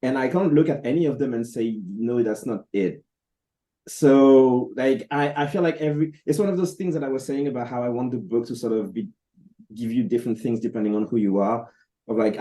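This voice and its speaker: A man, a comic book creator, answering interview questions over a video call in a thoughtful, halting way with many fillers and restarts. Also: medium pitch, mellow.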